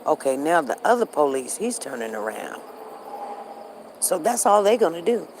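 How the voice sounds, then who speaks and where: A woman's voice: low-pitched, big pitch swings, normal speed, a little mellow, slight background noise, poor audio. A middle-aged woman, chatting casually on a livestream and reacting to what happens outside. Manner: chatty, repeats herself, reacts to events outside. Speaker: livestream host.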